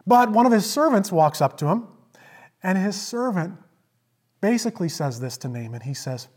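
A pastor preaching a sermon, retelling a story with emphatic repetition and swings from loud emphasis to hushed asides. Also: medium pitch, lively intonation, moderate pace, slightly rough.

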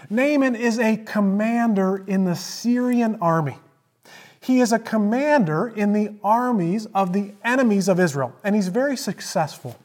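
Speaking at a medium pitch, a pastor tells a story in a sermon, using emphatic repetition and moving between loud emphasis and hushed asides.

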